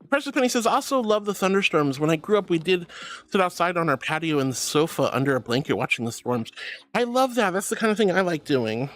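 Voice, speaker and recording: A woman streaming and reading her chat, bubbly and giggly, calling her viewers sweetie and darling. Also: on the low side. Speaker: VTuber streamer. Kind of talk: livestream chat.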